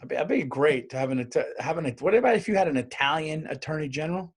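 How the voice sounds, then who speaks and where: A man's voice: on the high side, animated, fast talker, slightly rough. A man hosting his own podcast, riffing in a loose comedic monologue full of fillers and restarts, with a New York accent.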